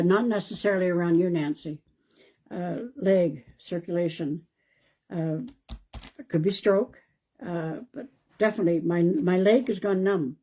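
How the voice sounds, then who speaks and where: A woman, a psychic medium, doing a live-stream card reading in a calm, reassuring way and thinking aloud. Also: on the low side. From Canada.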